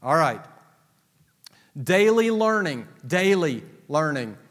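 A male pastor preaching a sermon, swinging between loud emphatic declarations and low asides. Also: big pitch swings, slow pace. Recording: long reverb of a large hall.

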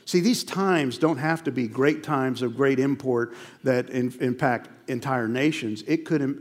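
A man's voice: mid-range voice, darkish tone. A male pastor preaching a sermon, earnest and emphatic, repeating key phrases and telling stories to make his point. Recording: long reverb of a large hall.

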